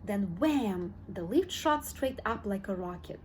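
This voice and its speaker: A woman narrating a children's storybook in a steady, clear read-aloud delivery. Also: mid-range voice, measured pace, a little hiss or hum, rough recording. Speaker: audiobook reader.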